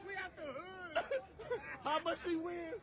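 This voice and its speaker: A man with a very high voice and an unhurried delivery trades loose banter, laughing often. He is recorded outdoors by traffic, with heavy noise and a loud crowd around him. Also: steady tone. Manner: laughing, casual street banter.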